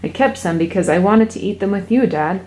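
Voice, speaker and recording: A woman's voice: mid-range voice, animated, a little fast, darkish tone, natural voice, low-quality recording. A woman reading a picture book aloud, voicing a young village boy in a raised, earnest childlike voice. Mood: eager. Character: young village boy, eager but shy.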